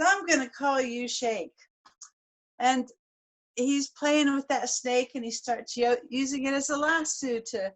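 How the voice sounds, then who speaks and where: A woman's voice: fairly high pitch, fairly bright tone. A woman from the United States telling a folk tale to a live audience in a folksy, rambling way, repeating words as she goes. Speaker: storyteller. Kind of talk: live oral storytelling.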